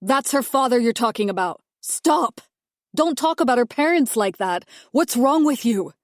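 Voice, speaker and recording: A woman's voice: a little high, animated, normal speed, no room sound, voice pushed up, natural voice. Woman reading as a stern rich husband, tense and commanding, dry voice. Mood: angry. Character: stern husband, a wealthy man caught between wife and mother.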